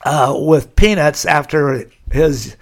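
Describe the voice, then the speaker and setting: The guest, an older man from California, has a somewhat high voice and talks at a slow pace. In this storytelling interview he rambles through lengthy anecdotes and chuckles along the way.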